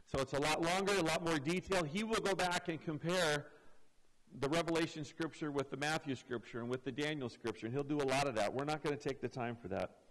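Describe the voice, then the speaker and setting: A man's voice: on the high side, fairly bright tone, poor audio. A man preaching a teaching sermon, explaining verses step by step and often repeating words as he restarts a phrase. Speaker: pastor.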